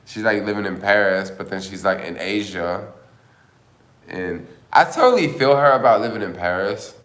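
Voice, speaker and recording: A man's voice: lowish voice, lively intonation, normal speed, fairly bright tone, roomy sound. A man hosting a casual livestream, chatting and rambling with lots of filler words. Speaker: livestream host.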